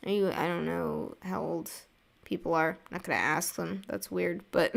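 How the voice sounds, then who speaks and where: A woman's voice: fairly low pitch, moderate pace, gravelly. A young American woman chatting casually on her livestream while drawing, reading viewer messages aloud and rambling with lots of "like" and small laughs. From United States. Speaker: art streamer.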